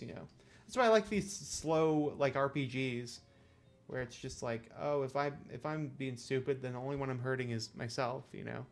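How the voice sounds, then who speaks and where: A man's voice: medium pitch, vocal fry, a bit bright. A young adult man chatting casually while streaming a game; he rambles, leans on fillers, and is self-deprecating. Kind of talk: casual gameplay commentary.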